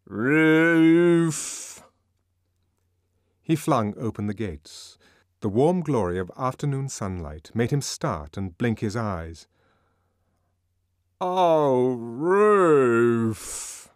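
A man reads a novel aloud in a lower voice with lively, expressive pitch. The recording is dry and close, with no room sound. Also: no echo. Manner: expressive, measured reading. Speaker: narrator. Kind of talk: audiobook narration.

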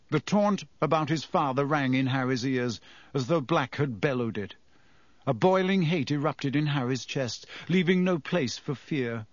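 A man reading a story aloud in measured scripted narration. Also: mid-range voice, lively intonation, no echo. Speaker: audiobook narrator.

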